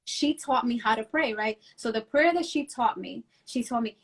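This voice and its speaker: A middle-aged woman from New Jersey, a guest telling animated stories in a casual interview and mixing in Spanish phrases. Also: on the high side, moderate pace. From Union City, New Jersey.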